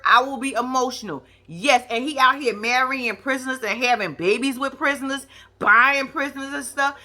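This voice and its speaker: A brash, profane woman rants her reactions to a reality show. Her voice sits a little high and sounds bright and forceful, and she tells the story in an animated, gossiping way. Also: normal speed. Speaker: reality TV commentator. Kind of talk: casual reaction commentary.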